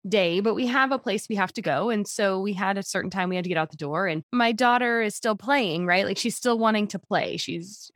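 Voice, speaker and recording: A woman's voice: medium pitch, fairly quick, few pauses, fairly bright tone, dry recording, studio quality. A woman hosting an interview, chatty and self-deprecating, who laughs easily. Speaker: podcast host. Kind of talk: casual interview chat.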